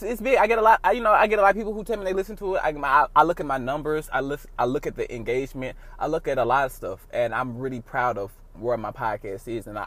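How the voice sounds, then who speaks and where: A man's voice: medium pitch, a bit bright. A man from St. Louis hosting his podcast in casual chat, loose, profane and slangy. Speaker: podcast host. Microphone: phone call recording.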